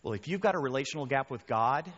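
A male pastor preaching a sermon in a conversational, animated way, often checking in with the crowd. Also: medium pitch, quick pace, husky. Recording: reverberant hall, dull muffled sound.

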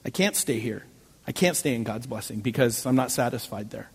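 A man preaching a sermon as pastor, telling personal stories with animated delivery and self-mocking jokes. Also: mid-range voice, brisk, slightly rough. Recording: long reverb of a large hall.

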